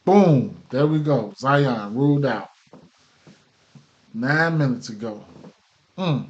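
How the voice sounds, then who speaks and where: A man's voice: mid-range voice, lively intonation, slow, darkish tone, lo-fi sound. A man hosting a casual sports betting picks show, talking loosely with many fillers and restarts, and he has the hiccups. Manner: loose, filler-heavy, repeats himself.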